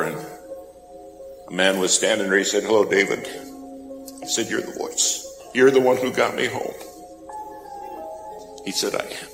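A man's voice: fairly low pitch, a bit bright. A man preaching a sermon, telling a story with dramatic, swelling emphasis. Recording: echoey hall with music behind.

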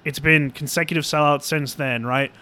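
Young man, bright tense voice, higher pitch, excitable, casual sports chat. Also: moderate pace. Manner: excitable, yells and swears when ranting.

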